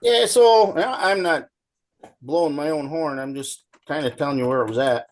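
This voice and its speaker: A middle-aged man talks through his stories in an easygoing, folksy way. His voice sits somewhat high, and he jumps up loud when he quotes someone yelling. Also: moderate pace. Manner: folksy, animated storyteller, acts out shouting coach. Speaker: guest. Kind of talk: casual storytelling chat.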